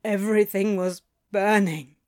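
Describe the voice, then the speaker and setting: A woman's voice: mid-range voice, steady tone, lightly acted. A woman voicing an exhausted, frightened male demon who stammers and halts in a fan fiction reading. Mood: shaken. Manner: stammering, halting.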